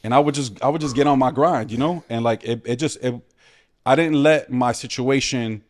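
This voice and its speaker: A man from New City, telling stories as a guest in a casual podcast chat, animated and full of street slang. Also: mid-range voice, moderate pace. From New York City.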